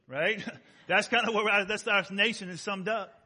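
High, bright-voiced man preaching a sermon. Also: fairly even intonation. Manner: conversational preaching, slows down to stress key words; asks the congregation frequent rhetorical questions. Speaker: pastor.

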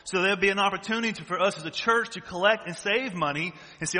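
A man's voice: sits high, fairly quick, hardly any pauses, sharp tone. A man preaching a sermon as pastor, emphatic and full of rhetorical questions. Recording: long church-hall reverb.

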